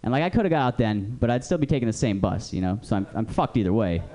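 A man's voice: on the low side, very animated, fast, mellow. A man doing a stand-up comedy set on a club stage, telling profane, rambling stories into a stage mic.

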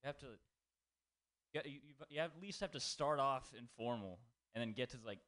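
A man's voice: medium pitch, expressive, moderate pace, a bit bright. Rambling young man doing stand-up. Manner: rambling, self-deprecating, profane. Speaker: stand-up comedian. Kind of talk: stand-up comedy set. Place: small comedy room. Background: small audience.

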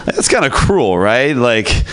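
A man doing a stand-up set at an open mic, with a matter-of-fact, deadpan delivery. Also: mid-range voice, slow pace, clear, resonant tone. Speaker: stand-up comic. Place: comedy open mic stage.

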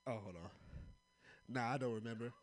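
A man's voice: medium pitch, fairly quick. A young man from Oakland doing a loose, rambling stand-up set full of laughter. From Oakland, California. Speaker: stand-up comedian.

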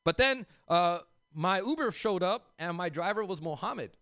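An expressive comedian from South Central Los Angeles delivers a loose set at a moderate pace, his slightly high, smooth, clear voice pushed and bright. He rambles through fillers, restarts, and asides, talking to the crowd as "y'all," and the recording is dry and close with no room echo.

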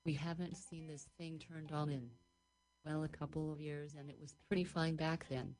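A woman's voice: low voice, steady tone, normal speed, a little mellow, natural voice, low-quality recording. A woman voicing a cheeky, chattering talking water droplet in an improvised story, full of folksy teasing asides. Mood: chatty.

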